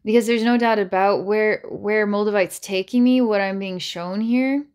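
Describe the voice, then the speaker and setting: A woman in the middle of a psychic reading, her voice at an ordinary middle pitch. She talks in looping, repetitive phrases with frequent restarts and bursts of laughter. She shifts between dramatic challenges and gentle coaxing. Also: fairly even intonation, normal speed, clean tone. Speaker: psychic reader. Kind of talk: channelled psychic reading to camera.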